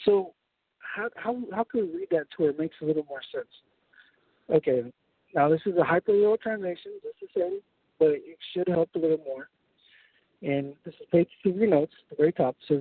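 Male preacher, high and animated, husky tone, teaching sermon, phone-like dry audio. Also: a little fast, dry recording. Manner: explains step by step, often checking in with "right?". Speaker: preacher leading a Bible study. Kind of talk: sermon-style Bible teaching. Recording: tinny phone-like sound, dry.

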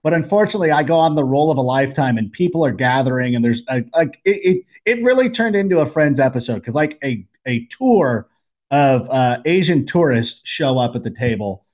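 A man chatting as a podcast guest, telling jokey stories in an animated way. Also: mid-range voice, fairly quick. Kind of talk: casual storytelling chat.

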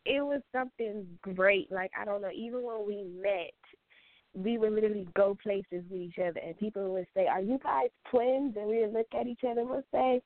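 A woman's voice: medium pitch, fairly quick, dry recording. A young woman talking as a guest, giving a heartfelt tribute to her best friend and repeating herself for emphasis. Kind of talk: emotional tribute in a talk show. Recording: tinny phone-line sound, dry.

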